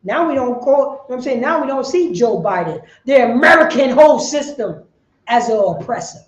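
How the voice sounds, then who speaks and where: A woman preaching on the street, firing rhetorical questions and bursting into shouts. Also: a little high, expressive, a little fast, reverberant, dull audio.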